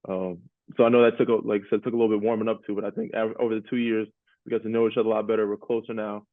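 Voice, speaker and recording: A man's voice: lowish voice, flat delivery, racing, no echo. A man hosting a podcast, chatting casually about basketball in a laid-back way, often laughing and repeating himself. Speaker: podcast host, former NBA player. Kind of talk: casual sports chat. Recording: tinny phone-like audio.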